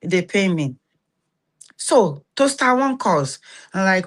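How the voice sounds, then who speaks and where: A woman's voice: mid-range voice, sing-song, takes it slowly, pauses often. A woman with a Nigerian Yoruba accent hosting a live stream, talking animatedly and acting out quoted dialogue. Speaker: host of a live stream on relationships and healing.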